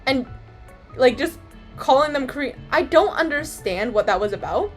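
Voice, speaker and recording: A woman's voice: high voice, expressive, normal speed, faint music behind. A young woman from Canada, chatting casually to her stream viewers in a rambling, filler-heavy way and swearing freely.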